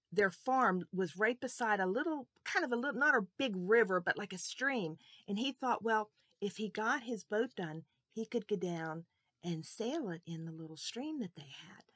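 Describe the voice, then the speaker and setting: A woman telling a Bible story to children, expressive and asking her listeners questions. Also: mid-range voice, normal speed, no echo, studio quality.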